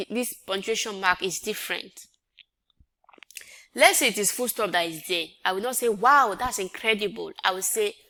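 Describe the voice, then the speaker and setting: A woman with a bright, forceful, medium-pitched voice teaches an English grammar lesson in a classroom style. She repeats each point and quizzes her listeners with rhetorical questions.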